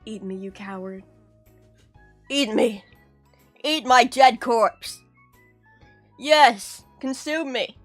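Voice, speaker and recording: A woman voicing a dead roasted pig that taunts its eater, low and menacing, then shouting. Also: completely flat delivery, unhurried, pauses often, slightly rough, no room sound, soft background music. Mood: taunting.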